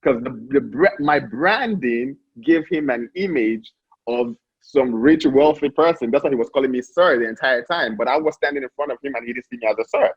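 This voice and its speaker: A man's voice: mid-range voice, a little fast, slightly rough, no echo, highs cut off. A young Nigerian man, a founder and interview guest, telling stories animatedly with many restarts. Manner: animated, lots of restarts and stammered repeats. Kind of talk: casual interview storytelling.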